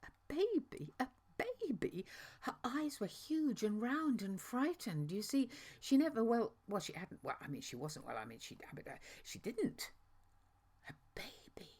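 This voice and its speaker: A woman's voice: a little high, very animated, unhurried, darkish tone, breathy edge, pitched above the performer's own voice, exaggerated voice. A woman voicing a chatty, awestruck angel messenger who recounts a visit in a rambling, conversational way, stumbling over asides and self-corrections. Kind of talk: dramatic monologue reading.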